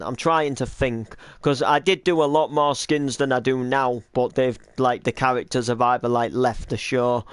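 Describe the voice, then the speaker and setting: Man explaining his game roleplay, hesitant, rambling, smooth and dry. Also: medium pitch, no room sound. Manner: rambling, hesitant with many restarts. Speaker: roleplay series creator and cameraman. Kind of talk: casual chat.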